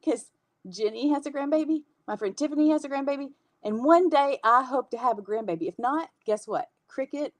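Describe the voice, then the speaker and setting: A woman in her fifties with a Southern accent chats on a livestream, answering viewer comments and laughing as she goes. Her voice swings up and down in a lively way. The sound is dry and close, with no room echo. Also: mid-range voice. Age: 50s. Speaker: host. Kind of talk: casual livestream chat.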